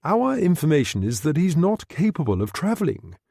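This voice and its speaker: A man's voice: on the high side, very animated, normal speed, gravelly, mellow, no room sound, studio quality, voice pushed up, exaggerated voice. A man reading a novel aloud, voicing a cautious brigadier who speaks carefully and deferentially. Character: cautious brigadier, intelligence chief.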